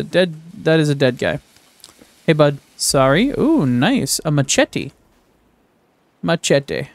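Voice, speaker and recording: A young man giving excitable gameplay commentary, swearing and reacting loudly to scares while he plays a survival game. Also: a little high. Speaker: gaming YouTuber. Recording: roomy echo with game music behind.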